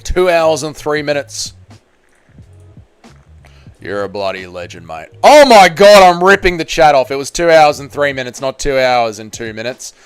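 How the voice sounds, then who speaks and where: A man's voice: on the high side, big pitch swings, normal speed, clean tone, no room sound, faint music behind. A man with an Australian accent chatting casually on a livestream, reading donations and swearing in matey banter. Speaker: MMA YouTuber streaming live.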